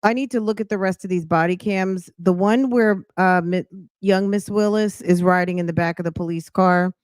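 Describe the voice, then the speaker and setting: A woman's voice: lowish voice, fairly even intonation, normal speed, a little mellow, clear, resonant tone, no echo, studio quality. A woman hosting a casual live-stream reaction chat, greeting viewers by name and thinking aloud as she reads.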